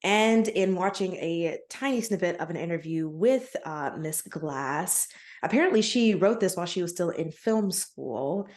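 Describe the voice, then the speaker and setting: A chatty woman co-hosting a podcast with a slightly low voice. She talks in a loose, casual way, laughing a lot and stumbling over names as she goes. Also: expressive, unhurried, a little mellow. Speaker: podcast co-host. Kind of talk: casual chat.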